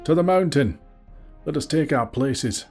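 A man voicing a male warrior leader who shouts commands to his troops in a put-on accent, in an audiobook reading. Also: deep voice, steady tone, a little slow, faint music behind. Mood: commanding. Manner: loud commanding calls, accent attempt.

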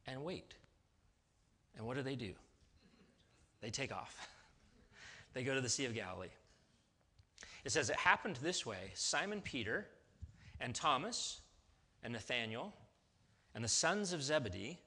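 A man pastor giving a sermon in a lively, conversational way, often checking in with his listeners. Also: medium pitch, normal speed, pauses often.

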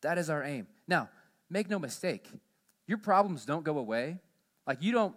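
A man's voice: expressive, normal speed. Emphatic man preaching a sermon. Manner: emphatic, rising in pitch and volume on key points, dropping low and quiet to close them. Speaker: pastor. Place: church.

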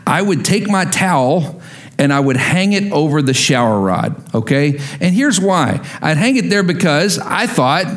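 A man preaching a sermon to his congregation, telling stories with lively acted-out quotes. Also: a little high, a little slow. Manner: animated storytelling with acted-out quotes. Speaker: pastor.

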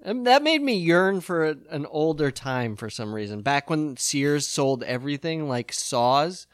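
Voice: mid-range voice, big pitch swings, unhurried, clear, resonant tone, no room sound, clean studio sound. A podcast co-host in casual chat, making playful joking asides.

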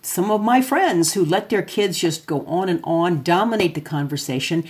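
A chatty woman talking through a casual podcast monologue. Her voice sits a little on the low side, and she laughs easily as she rambles along. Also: lively intonation, moderate pace, a little mellow. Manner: chatty, self-described extrovert, laughs often. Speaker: podcast host.

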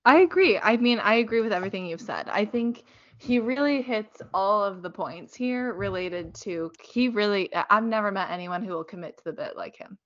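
A woman's voice: mid-range voice, lively intonation, moderate pace, a bit bright. A woman co-hosting a podcast in casual chat, emphatic and agreeable as she thinks aloud. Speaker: podcast co-host. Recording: slightly muffled podcast audio.

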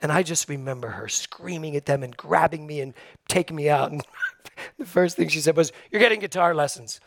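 A middle-aged man preaching a Sunday sermon, telling personal stories with lively, acted-out quotes. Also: on the high side, normal speed, vocal fry, no room sound, clean studio sound. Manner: storytelling, animated, acts out quoted voices. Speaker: minister. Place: church sanctuary.

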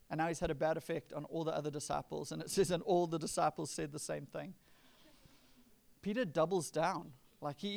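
Gravelly-voiced man preaching conversationally. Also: a little high, a little fast. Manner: conversational preaching, acts out quoted lines with rising emphasis. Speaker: pastor. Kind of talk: sermon.

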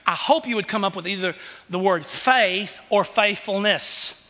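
A man's voice: high voice, measured pace, bright, forceful tone, long reverb tail. A man preaching a sermon as pastor, telling stories in a conversational way.

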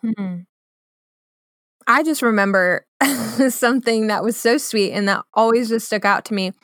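A woman's voice: a little high, unhurried, dry recording, clean studio sound. A woman in her twenties telling a story in casual podcast chat, acting out the voices of the people in it. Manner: animated, acts out voices in her stories.

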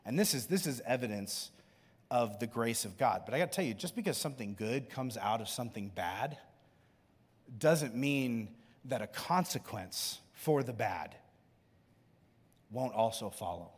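A man preaching a sermon in a conversational way, going from hushed to loud. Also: mid-range voice, animated, a little slow, breathy edge. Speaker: pastor. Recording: long reverb in a large hall.

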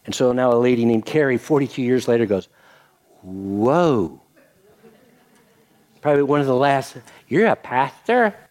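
A man's voice: mid-range voice, fast talker, hardly any pauses. An older man preaching a sermon as pastor, telling a story with acted-out quotes and leading a prayer. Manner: animated storytelling with voiced quotes, then soft prayer.

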